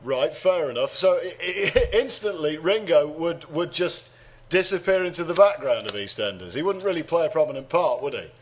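Rambling English man, higher voice. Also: lively intonation, moderate pace, a little hiss or hum. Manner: rambling, tries silly celebrity impressions. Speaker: podcast co-host. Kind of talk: casual comedy chat.

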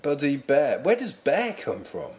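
A man co-hosting casual comedy banter as the dry, steady straight man. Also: mid-range voice, a little slow. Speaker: co-host.

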